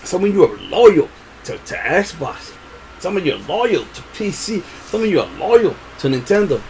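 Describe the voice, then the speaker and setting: A high-voiced man rants straight to his viewers, passionate and profane, tripping over repeated words and drawn-out fillers. A faint hum of ambience sits under his voice. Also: big pitch swings, a little mellow. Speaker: gaming vlogger. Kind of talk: unscripted rant to camera.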